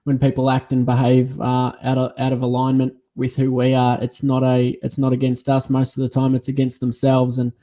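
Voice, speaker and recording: A man's voice: mid-range voice, monotone, a little fast, hardly any pauses, dark tone. A man hosting a podcast who asks earnest, reflective questions that ramble a little. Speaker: podcast host.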